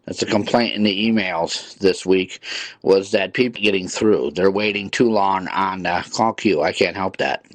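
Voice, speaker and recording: A man's voice: deep voice, moderate pace, dry recording. A male call-in radio host scolding prank callers in an irritated, repetitive way. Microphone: studio mic with headphones.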